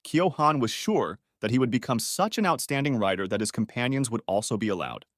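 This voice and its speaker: Dry, steady male recap narrator. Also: medium pitch, brisk, no room sound. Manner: even, steady reading in reported speech. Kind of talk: scripted story recap narration.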